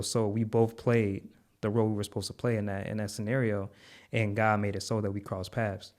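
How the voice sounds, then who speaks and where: A man with a fairly low voice tells a story in earnest, heartfelt conversation. He repeats words and leans on fillers as he goes. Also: flat delivery, brisk, a little mellow. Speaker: podcast guest, content creator.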